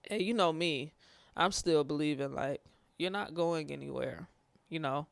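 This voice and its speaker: A man speaking haltingly, fighting back tears as he talks about his grief. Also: a little high, vocal fry, fairly bright tone, dry recording. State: tearful. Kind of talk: personal testimony on grief.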